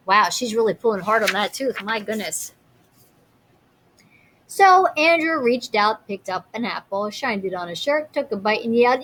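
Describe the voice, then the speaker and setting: Expressive teacher reading a picture book. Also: female voice, fairly high pitch, normal speed. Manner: expressive, chatty asides.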